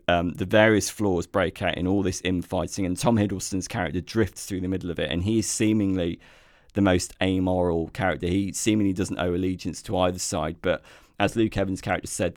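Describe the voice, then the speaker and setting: A man's voice: low-pitched, dry recording, clean studio sound. A British man co-hosting a casual film podcast, talking in a hesitant way with many fillers and restarts, livelier when enthused. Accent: British English. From Britain. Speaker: podcast co-host, film reviewer.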